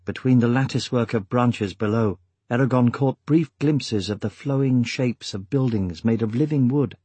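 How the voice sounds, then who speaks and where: A male narrator reads a fantasy story in a steady, measured voice of middle pitch. His tone is slightly husky, and the recording is close and dry. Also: no room sound. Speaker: audiobook narrator.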